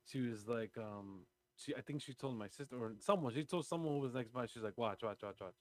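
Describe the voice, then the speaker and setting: A man's voice: medium pitch, fairly quick. A young man co-hosting a podcast in casual chat, telling stories and acting out the quotes. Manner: animated storyteller, acts out quotes. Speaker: podcast co-host.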